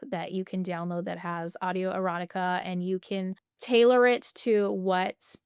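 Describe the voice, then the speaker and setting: A woman's voice: fairly low pitch, little pitch movement, a little slow, clear, resonant tone, no echo, studio quality. A woman speaking as an expert guest in a podcast interview, explaining ideas patiently and often checking in with "right?". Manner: warm explanatory, tags with "right?", laughs lightly. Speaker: sexologist guest.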